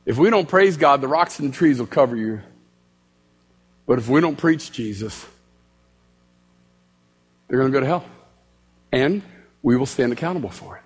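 A man's voice: medium pitch, normal speed, long pauses, breathy edge, in a large hall. A male street preacher giving a storytelling sermon in a church, acting out both sides of his conversations. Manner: animated, acts out both sides of dialogue.

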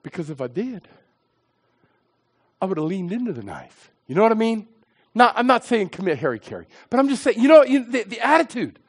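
A man's voice: high voice, sing-song, brisk, slightly rough. A middle-aged man preaching his personal testimony, emphatic and repetitive as he tells his story.

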